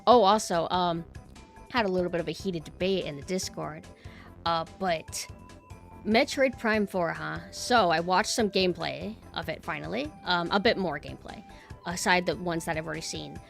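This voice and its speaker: A woman's voice: fairly low pitch, normal speed, gravelly, faint music behind. A young woman streamer chatting casually with her viewers and ranting bluntly, swearing freely.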